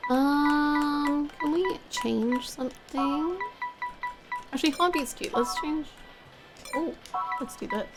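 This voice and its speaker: A woman's voice: high voice, slow pace, long pauses, loud music behind the voice. A young woman live streaming a video game, chatting casually with her viewers, laughing often and swearing freely. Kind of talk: casual gaming stream chat.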